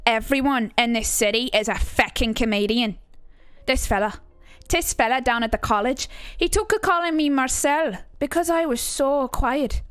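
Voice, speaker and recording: A woman putting on a quiet, sour Dubliner in Liverpool who grumbles with a sardonic Irish lilt. The voice sits fairly high and stretches its scornful words out slowly. A little music plays faintly behind. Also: dry recording. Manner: grumbling, sardonic, drawn-out emphasis. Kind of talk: acting monologue.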